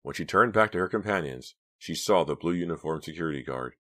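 A man narrating an audiobook in a quiet, steady reading voice. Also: sits low, brisk. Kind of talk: scripted narration.

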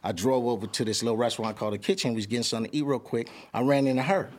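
A man's voice: medium pitch, steady tone, racing. A man telling a story in an interview, full of street slang and acting out what everyone said. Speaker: interview guest. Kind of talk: animated storytelling.

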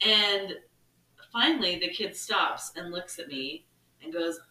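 A woman in her thirties with a low but bright, forceful voice, telling teacher stories as a podcast co-host. She talks animatedly and acts out the lines she shouted. The sound is roomy and a little off the mic. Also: steady tone, unhurried, recorded from a distance. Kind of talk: casual storytelling chat.

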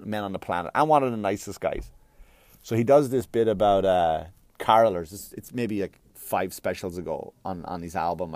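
A man doing a stand-up comedy routine, profane and rambling, with loud mocking outbursts. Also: fairly low pitch, dry recording. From Ireland.

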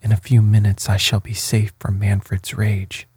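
A frightened young princess from a gothic storybook, as a male narrator reads her. The voice stays low and mellow, heavily breathy, with a level, unhurried rhythm. It is recorded dry. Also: no room sound. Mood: anxious. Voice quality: hushed, breathy. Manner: slow, even storybook delivery.

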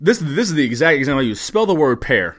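A man co-hosting a podcast in casual chat, ranting in a profane, excitable way. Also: fairly high pitch, fast talker. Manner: profane, excitable, riffing rants. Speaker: podcast co-host.

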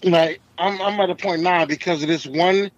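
A middle-aged man, a truck driver, telling stories casually, profane and animated, acting out the people in them. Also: high-pitched, moderate pace, no echo, lo-fi sound. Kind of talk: casual podcast storytelling.

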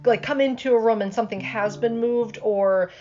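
A woman's voice: on the high side, normal speed, mellow, highs cut off, soft background music. A woman hosting a podcast interview, friendly and reacting often with short exclamations. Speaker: podcast host. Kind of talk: casual interview.

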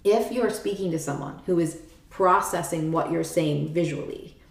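Low-voiced chatty woman explaining. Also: normal speed, vocal fry, echoey room. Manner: chatty, leans on "like" and frequent check-ins. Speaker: podcast co-host explaining a topic. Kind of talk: casual explanatory chat, reading passages aloud.

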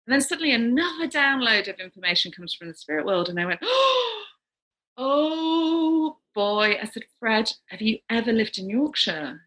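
This is a middle-aged woman, a psychic medium recounting an uncanny experience in conversation. Her voice is bright and forward, and she tells it with lively storytelling energy. She gasps and swoops her pitch to play the people in her tale. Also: normal speed, few pauses. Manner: lively, gasping, acts out quoted voices.

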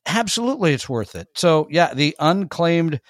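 A man's voice: medium pitch, moderate pace, no room sound. A man co-hosting a radio money show in a casual, emphatic, chatty way, laughing easily. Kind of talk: casual money-advice talk.

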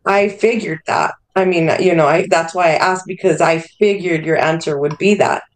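A woman's voice: lowish voice, fairly even intonation, normal speed. A woman massage therapist as a podcast guest, talking thoughtfully with frequent fillers. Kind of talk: casual podcast chat.

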